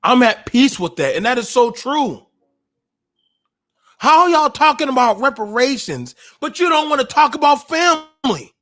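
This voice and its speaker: A high-pitched man, speaking on a livestream. He lectures with deep emotion and a preacher's rhythm, pushing his voice up into shouts. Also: sing-song, normal speed. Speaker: podcast host. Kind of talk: impassioned livestream monologue.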